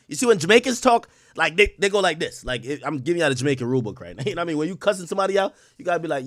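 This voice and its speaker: A young adult man hosting a live stream, reacting loudly to gossip with profane, animated commentary and frequent laughter. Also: on the high side, rapid-fire, dry recording, clean studio sound. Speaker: streamer host.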